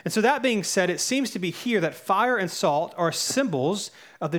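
A man's voice: high voice, lively intonation, moderate pace, fairly bright tone. Earnest man preaching a sermon. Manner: earnest, conversational preaching with fillers and self-corrections. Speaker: pastor.

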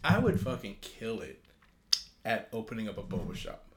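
A man's voice: on the low side, sing-song, normal speed, noisy background. A man in his twenties co-hosting a casual chat, joking, swearing freely and laughing often. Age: 20s. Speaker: podcast co-host.

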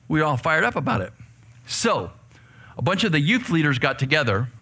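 A man preaching a sermon to a youth group, leading call-and-response and swinging from hushed asides to fired-up outbursts. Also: fairly high pitch. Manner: leads call-and-response with the audience.

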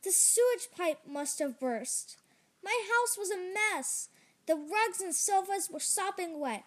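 Very high-voiced woman reading a story. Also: a little slow. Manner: lively, expressive storytelling. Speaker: storyteller host. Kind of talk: reading a children's chapter book aloud.

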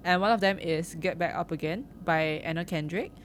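A woman chats about films in an animated, giggly way, her voice sitting a little low. She leans on fillers like "um" and "like". A faint hiss sits under the recording. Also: fairly quick. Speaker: podcast co-host. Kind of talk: casual chat reviewing films.

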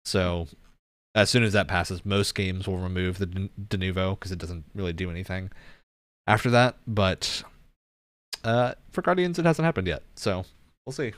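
A man hosting a casual gaming news chat, relaxed and chatty with frequent laughs. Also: deep voice, normal speed, no echo. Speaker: podcast host.

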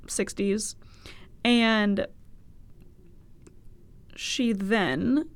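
Young woman, podcast host, gravelly fry, casual story, candid, swearing. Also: fairly high pitch. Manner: candid, swearing, laughing, animated quoted voices.

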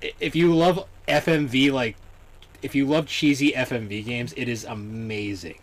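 A man's voice: medium pitch, steady tone, normal speed. A young man co-hosting a casual gaming podcast, chatting loosely with lots of fillers and laughter. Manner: laughs often, many fillers. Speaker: podcast co-host. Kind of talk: casual chat.

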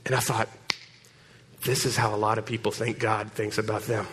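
Animated preacher man, bright voice. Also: lowish voice, normal speed, a little hiss or hum. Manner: animated, repeats words, calls out to congregation. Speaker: pastor. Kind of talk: storytelling sermon.

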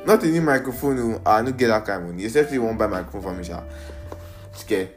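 A young man with a Nigerian accent hosts a casual solo podcast recorded on an iPad, playful and rambling, with pidgin slang mixed in. His voice is fairly low with lively intonation, he talks fast, and soft music plays underneath.

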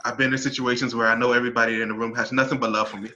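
A man's voice: medium pitch, steady tone, fast, hardly any pauses, bright, forceful tone, dull audio. A man in casual podcast chat, talking bluntly and emphatically. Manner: brash, emphatic, blunt opinions.

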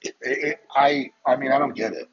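A man hosting a podcast, delivering a heated, profane solo rant with rapid-fire rhetorical questions. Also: mid-range voice, slightly rough. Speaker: podcast host. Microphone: phone. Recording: muffled lo-fi audio with crowd noise behind.

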